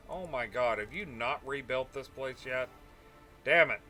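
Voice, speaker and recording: Bright-voiced young man chatting on a game stream. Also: medium pitch, unhurried, faint music behind. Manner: chatty, answers chat, trails off with fillers. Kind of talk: casual gaming stream chat.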